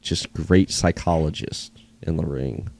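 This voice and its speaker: Laid-back guy hosting a podcast, deep voice, keeps repeating himself, chuckles a lot. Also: measured pace, creaky, a little mellow. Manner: easygoing, laughs often, repeats phrases. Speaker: podcast host. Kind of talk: casual wrestling chat.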